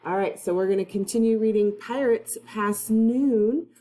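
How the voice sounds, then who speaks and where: A woman's voice: mid-range voice, normal speed, dark tone. A woman first-grade teacher reading a chapter book aloud to her class in a chatty way, laughing at her own slips.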